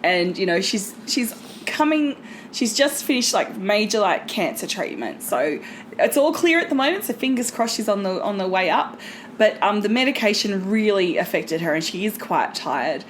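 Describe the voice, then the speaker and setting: A woman's voice: mid-range voice, expressive, moderate pace, slight background noise. A young woman co-hosting a podcast in casual chat, rambling, swearing and laughing often. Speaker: podcast co-host.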